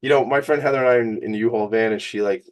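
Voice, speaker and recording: A man's voice: medium pitch, rapid-fire. A man hosting a radio show, fired up, joking and motivational. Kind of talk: energetic radio monologue.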